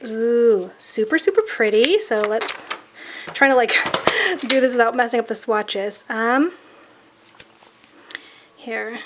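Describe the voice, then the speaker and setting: Woman vlogger w a kinda sick voice, a bit high, soft and gushy, casual makeup chat. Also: unhurried, a little hiss or hum. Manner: gushing, chatty, soft-spoken. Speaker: beauty vlogger. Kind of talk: casual makeup review vlog.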